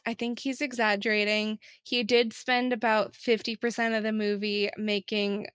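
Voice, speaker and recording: A woman's voice: mid-range voice, flat delivery, moderate pace, a bit bright, smooth, no room sound, clean studio sound. Chatty young woman podcast co-host. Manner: chatty, laughs often, teasing. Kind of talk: casual chat.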